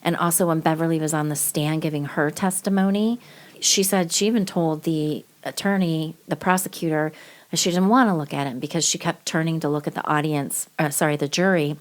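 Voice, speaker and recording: A woman's voice: deep voice, steady tone, brisk. A woman hosting a true-crime podcast, talking casually and bluntly, swearing freely with lots of fillers. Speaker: podcast host.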